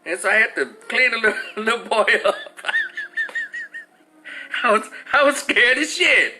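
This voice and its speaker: A man in his forties telling a story as a profane, animated rant, acting out other people's voices. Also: very high-pitched, a little slow, music in the background. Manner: animated, acts out voices, swears freely. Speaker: commentator.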